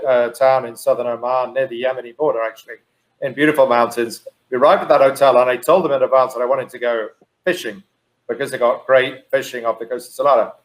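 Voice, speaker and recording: A man who works with hotel brands, speaking in a measured, slightly hesitant way on a roundtable. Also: mid-range voice, fairly even intonation, poor audio. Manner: measured, a little hesitant with fillers. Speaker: hotel alliance executive. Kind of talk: casual roundtable chat. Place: Dubai.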